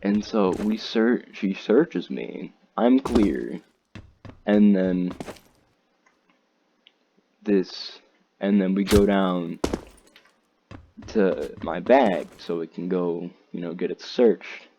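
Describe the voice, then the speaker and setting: A man's voice: sits low, extremely slow, pauses often, dark tone, slight background noise. A teenage boy casually telling a rambling, slangy story, acting out what others said in raised voices.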